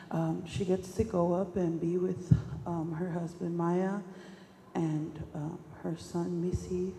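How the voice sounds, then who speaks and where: A young woman giving a tearful eulogy for her grandmother, halting with many fillers as she speaks in a church. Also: fairly low pitch, little pitch movement, vocal fry, dark tone. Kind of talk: emotional funeral eulogy. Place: church hall. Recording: echoey hall, faint noise.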